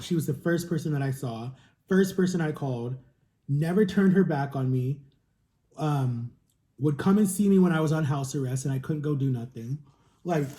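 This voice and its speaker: A man's voice: a little high, warm tone. Earnest rambling man in an echoey room. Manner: earnest, rambling, repeats himself. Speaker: vlogger. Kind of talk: emotional mukbang talk.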